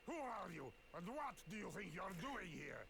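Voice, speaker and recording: A gravelly Russian-accented sailor. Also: male voice, high-pitched, sing-song, normal speed, heavy background noise, heavily acted. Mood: suspicious. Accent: put-on Russian. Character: gruff male Russian ship sailor. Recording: game audio over loud music.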